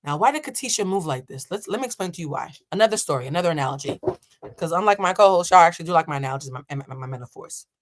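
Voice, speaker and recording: Animated, blunt woman coach telling a story. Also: fairly low pitch, very fast, background noise. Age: 30s. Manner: animated, blunt and profane, acts out quoted voices. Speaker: emotional intelligence coach. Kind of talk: storytelling reaction commentary.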